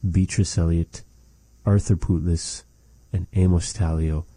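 A man teaching a language lesson, measured and repeating phrases to model how they are said. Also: low-pitched, fairly even intonation, warm tone, no echo.

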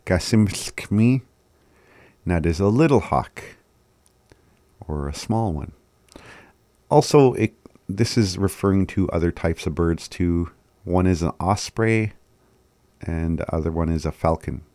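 A man's voice: deep voice, animated, a little slow, pauses often, dark tone, no room sound. A man giving a casual language lesson, sounding words out syllable by syllable and often laughing at himself. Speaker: language teacher.

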